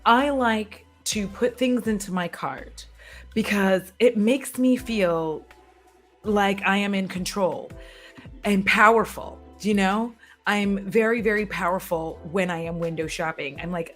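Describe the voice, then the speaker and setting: A woman's voice: mid-range voice, measured pace, faint music behind. A woman beauty creator chatting casually and frankly to her viewers, swearing and laughing often. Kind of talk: casual livestream chat.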